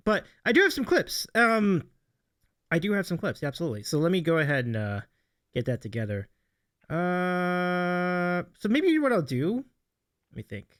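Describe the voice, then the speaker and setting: Brief: male streamer host, a bit high, animated, dry sound, eager hype man. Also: no room sound. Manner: enthusiastic, hypes clips, many ums and restarts. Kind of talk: livestream hosting chat.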